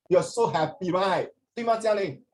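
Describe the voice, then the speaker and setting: Speaking at a measured pace in a high, slightly mellow voice, a male teacher runs an easygoing, chatty lesson. He mixes English and Mandarin mid-sentence and teases his students in a playful way. The audio is poor, with a little hiss or hum.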